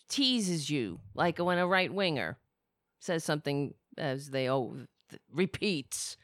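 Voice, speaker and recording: A woman's voice: lowish voice, a bit bright, no echo, studio quality. A woman hosting a live political commentary stream, sarcastic and profane.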